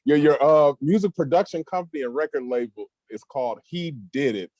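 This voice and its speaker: A man's voice: a little high, animated, a little fast, darkish tone. A man hosting a podcast, asking questions with friendly stammers. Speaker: podcast host. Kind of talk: interview questions.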